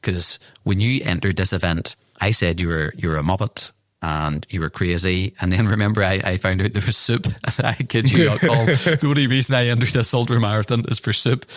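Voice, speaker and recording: Low-voiced man telling a teasing story. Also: brisk, few pauses, no room sound, studio quality. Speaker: podcast co-host. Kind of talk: casual chat.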